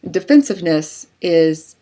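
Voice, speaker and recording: A woman's voice: fairly low pitch, expressive, measured pace, warm tone. A woman relationship coach explaining in a conversational way, using everyday examples and casual fillers. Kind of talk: explanatory talk to camera.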